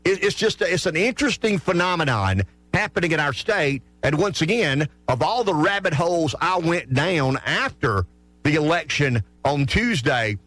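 A man, hosting a talk radio show and making his point with animated restarts and repeated words. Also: a little high, normal speed, no echo. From South Carolina. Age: 60s.

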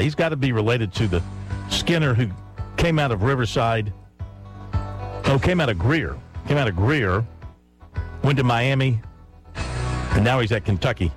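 A man hosting a sports talk radio show, chatting and briskly reading recruiting notes. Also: medium pitch.

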